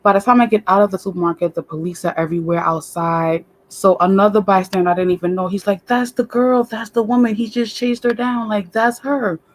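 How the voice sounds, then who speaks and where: An animated woman tells a story in a casual, streetwise way, swearing freely and acting out other people's voices. She speaks at an ordinary pitch. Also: brisk, hardly any pauses. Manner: animated, profane, acts out voices. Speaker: guest.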